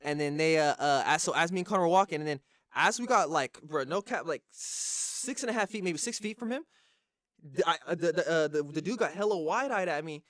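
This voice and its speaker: A man's voice: on the high side, expressive, brisk, fairly bright tone, no echo, clean studio sound. A young man, co-hosting a podcast and telling a story in rambling, slangy casual chat. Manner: slangy, rambling, restarts often. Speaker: podcast co-host.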